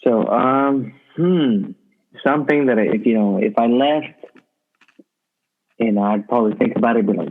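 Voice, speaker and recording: A man's voice: medium pitch, measured pace, long pauses. A man from Texas, a podcast guest talking over a video call in a laid-back, goofy way. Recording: tinny video-call audio.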